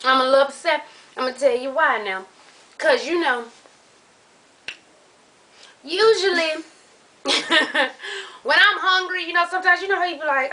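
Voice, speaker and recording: High, bright-voiced woman ranting. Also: a little slow, pauses often. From Atlanta, USA. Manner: animated, exasperated, laughing often, cussing. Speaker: vlogger. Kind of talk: casual storytelling rant.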